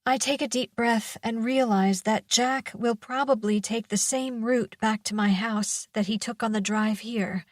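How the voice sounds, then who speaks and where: Casting note: woman thriller narrator, unhurried and tense, dry studio read. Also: a little high, fairly even intonation, no room sound. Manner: slow, measured, tense. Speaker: audiobook narrator. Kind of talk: first-person thriller audiobook narration.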